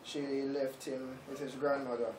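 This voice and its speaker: A man's voice: medium pitch, level tone, background noise. Man telling a family story, echoey and distant. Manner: storytelling with frequent pauses and restarts. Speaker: interviewee, family member. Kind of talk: casual interview answers.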